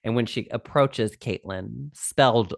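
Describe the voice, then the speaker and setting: A woman's voice: a bass voice, a little slow, vocal fry, no room sound. A woman co-hosting a podcast, chatting casually about a movie, laughing and acting out lines from it. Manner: animated, laughing, acts out quotes from the film. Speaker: podcast co-host. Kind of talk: casual chat reviewing a movie.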